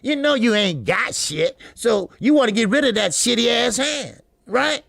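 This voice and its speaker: A loud, gravelly, profane boxing host. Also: male voice, very high voice, expressive, normal speed, no echo, clean studio sound. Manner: loud, profane, laughing often, shouting greetings to chatters. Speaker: boxing talk show host. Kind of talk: live-stream boxing talk.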